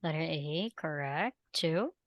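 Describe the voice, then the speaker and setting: A woman's voice: deep voice, lively intonation, slow pace, no room sound. A woman tutoring English over a video call, patiently explaining step by step with lots of fillers. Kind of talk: online language lesson. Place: small noisy room.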